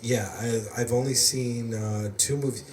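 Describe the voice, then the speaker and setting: A man's voice: mid-range voice, fairly even intonation, a little slow, a little mellow. A man from the United States hosting a podcast, telling rambling stories in casual chat and laughing often. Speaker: podcast host. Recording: roomy, distant mic, faint background noise.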